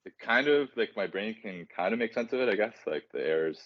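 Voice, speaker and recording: A man with a very low voice co-hosts a casual podcast. He rambles, filling gaps with ums and joking at his own slips. The sound is dry and slightly dull. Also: expressive, a little fast, no room sound. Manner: rambling, self-deprecating, casual filler-heavy. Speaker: podcast co-host.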